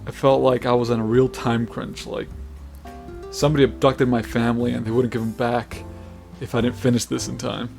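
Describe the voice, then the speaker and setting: A man chatting in a casual vlog, excitable and quick to restart his sentences, with some swearing. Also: mid-range voice, creaky. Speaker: comic artist vlogger. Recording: faint guitar music behind.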